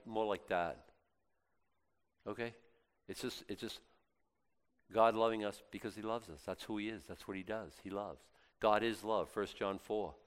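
A male pastor delivering a loose, conversational sermon full of jokes. He jumps from loud, animated bursts to quiet, hushed asides, and keeps stumbling into quick stammered restarts. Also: lowish voice. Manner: animated, joking, swings between loud and hushed.

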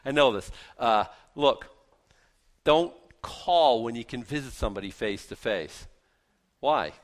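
A man preaching a sermon, zealous and animated, trying to keep his voice soft, with many restarts. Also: mid-range voice, measured pace. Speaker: pastor.

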